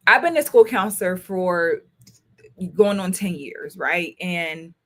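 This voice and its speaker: A woman in her thirties with a mid-range, fairly bright voice hosts a casual livestream. She speaks emphatically, repeats her phrases, and addresses her viewers directly. She works as both a talk show host and a school counselor.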